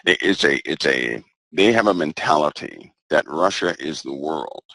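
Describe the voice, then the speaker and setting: A man speaking as a guest in a casual conversation, measured and repeating phrases for emphasis. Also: extremely low pitch, expressive, pushed and bright, dry recording.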